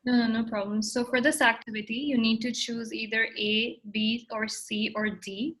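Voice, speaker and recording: A woman's voice: fairly high pitch, steady tone, normal speed, a bit bright, rough recording. Woman teaching an online workshop. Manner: explains step by step, with fillers. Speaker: workshop instructor. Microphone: video call.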